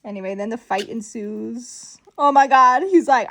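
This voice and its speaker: Excitable woman recapping a comic, high voice. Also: moderate pace, hardly any pauses, noisy background. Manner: excitable, exclaims often, acts out characters' lines. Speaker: comic book recap host. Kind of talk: casual comic recap commentary.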